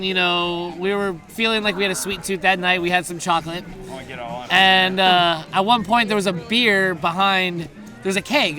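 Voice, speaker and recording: A man giving a rambling, anecdotal wedding toast outdoors, laughing as he tells a story and mimicking voices in the quotes. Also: sits high.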